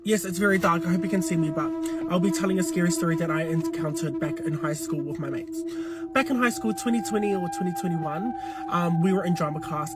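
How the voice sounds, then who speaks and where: Casual young male storyteller, 20s, slightly high voice, profane and rambling, loud music bed. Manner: loose, swearing, lots of fillers. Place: dark room.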